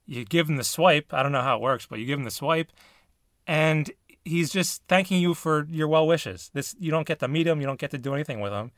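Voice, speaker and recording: A man co-hosting a casual podcast, joking and laughing with animated delivery. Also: a little high, fairly quick, dry recording, clean studio sound. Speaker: podcast co-host.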